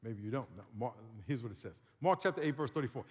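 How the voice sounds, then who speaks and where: A man in his sixties preaching a sermon, lively and joking, laughing as he leads the congregation. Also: medium pitch, quick pace, hardly any pauses. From San Diego area. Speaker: pastor. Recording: long hall reverb.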